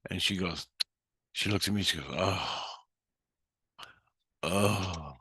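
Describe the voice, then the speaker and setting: A man's voice: deep voice, fairly even intonation, brisk, bright, forceful tone, slightly rough, dry recording, clean studio sound. A man telling a story in a blunt, heated way, swearing constantly. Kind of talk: casual storytelling.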